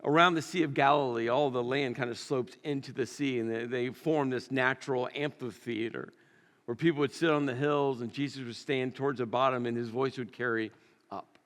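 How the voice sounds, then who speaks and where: A man's voice: mid-range voice, fairly even intonation, normal speed, fairly bright tone, long reverb tail. A man preaching a sermon in a conversational, storytelling way, with emphatic repetitions. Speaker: pastor. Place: church sanctuary.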